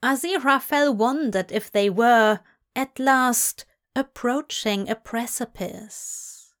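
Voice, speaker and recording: A woman reading a story aloud in a soft, hushed voice that drifts into whispers. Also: fairly high pitch, slow. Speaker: audiobook reader. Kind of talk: narrating fan fiction aloud.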